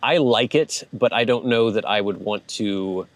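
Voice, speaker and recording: A man's voice: fairly low pitch, unhurried, no echo. A man hosting a casual show, reading viewer comments aloud and chatting about them in a rambling way with frequent laughs. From United States. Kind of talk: casual chat.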